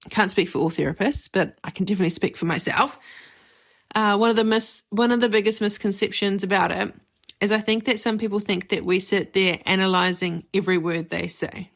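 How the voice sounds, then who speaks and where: A woman with a medium-pitched, creaky voice hosts her own podcast, speaking openly as a therapist about her experience. Her reflective, personal monologue is candid and conversational, sprinkled with casual "like" and "you know."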